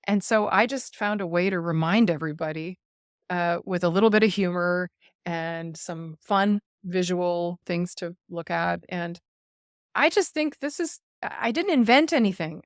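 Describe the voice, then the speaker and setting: A woman guest on an interview show, talking in an earnest, animated way and laughing now and then as she tells stories, heard over a video call. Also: medium pitch, no echo, clean studio sound. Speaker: guest speaker. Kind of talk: casual interview chat.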